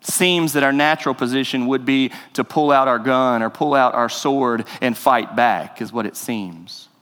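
A man's voice: mid-range voice, moderate pace, a bit bright, clear, resonant tone. A man preaching a sermon as pastor, earnest and conversational, rising to emphasis. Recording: reverberant hall.

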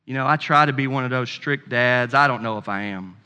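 A man's voice: medium pitch, brisk, bright, forceful tone, clean tone, long reverb tail. A man preaching a sermon as pastor, emphatic and impassioned, with conversational asides to the congregation.

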